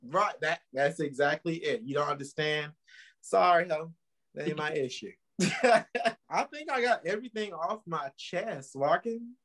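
A man's voice: on the high side, unhurried, fairly bright tone. A man co-hosting a casual podcast, speaking in an emphatic, motivational way and laughing easily. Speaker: podcast co-host.

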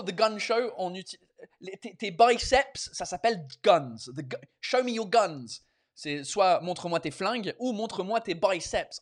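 Switching back and forth between French and English, a man hosts an animated, casual chat with his viewers, cursing freely and often restarting or using fillers. He has a fairly high pitch.

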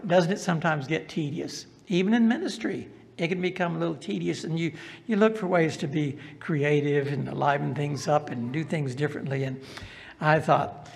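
Speaking at normal speed in a creaky, fairly high voice, an older Southern man with a Southern accent shares his life story as a testimony talk. He puts questions to the audience, and the recording has a big-room sound.

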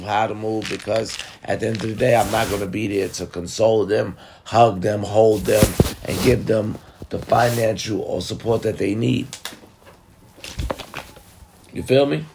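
A man's voice: fairly low pitch, steady tone, normal speed, background noise. A man talking to viewers in a blunt, profane, casual monologue, giving relationship advice. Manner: blunt, profane and talkative, addressing viewers directly.

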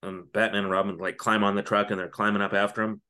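Here a co-host of a podcast recaps a TV episode in a loose, filler-heavy ramble full of asides. He talks fast in a fairly low voice with a level, sharp tone that is clear and resonant.

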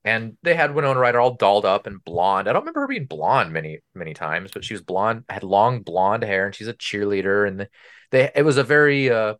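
A man's voice: fairly low pitch, animated, fairly quick, fairly bright tone. A man co-hosting a podcast, talking casually and at length about a film, with many fillers and restarts. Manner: chatty, explains at length with fillers. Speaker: podcast co-host.

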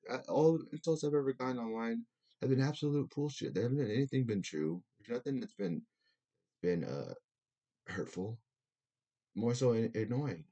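Deep-voiced profane rambling podcast guy. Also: warm tone. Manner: profane, rambling, lots of restarts. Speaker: podcast host. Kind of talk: casual ranting podcast chat.

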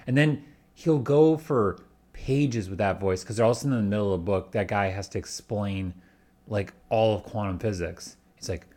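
Deep-voiced man in rambling chat. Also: animated, moderate pace, darkish tone. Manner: rambling, full of restarts and hedges. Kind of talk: casual chat.

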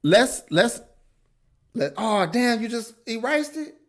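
Man animated high-voiced podcast storyteller. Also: takes it slowly. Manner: profane, animated storyteller slipping into mocking voices. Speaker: podcast co-host. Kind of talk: casual chat, storytelling.

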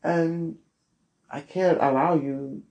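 A man hosting a solo podcast, giving blunt, sassy opinions with big swings in pitch. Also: fairly even intonation, slow pace, a little mellow. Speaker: podcast host.

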